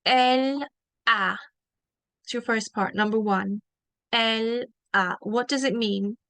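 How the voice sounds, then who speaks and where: A woman teaching a beginner French lesson, modelling each word slowly and asking learners to repeat it. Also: fairly high pitch, a bit bright, no room sound. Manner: slow, drawn-out modelling of each word for repetition.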